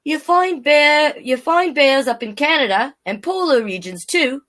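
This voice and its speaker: A woman's voice: sits high, lively intonation, measured pace, fairly bright tone, voice pushed up. Woman doing an indignant Aussie koala. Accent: put-on Australian. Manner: indignant, sing-song rhyming storybook reading. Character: grumpy male koala fed up with being called a bear.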